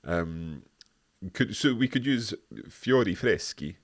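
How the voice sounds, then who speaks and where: A man's voice: lowish voice, expressive, takes it slowly. A man co-hosting a live online language lesson, chatty and prone to correcting himself with a laugh.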